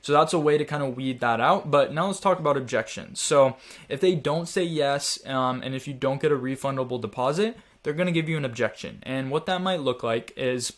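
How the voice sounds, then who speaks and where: A man with a fairly high voice gives a sales training lesson. He coaches in a direct, urging way and talks straight to his viewers.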